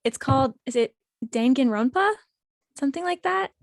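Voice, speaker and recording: Quick-witted woman, dry close sound. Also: high voice, expressive, vocal fry, no echo. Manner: candid, quick-witted, laughs easily. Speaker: podcast co-host. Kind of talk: casual chat.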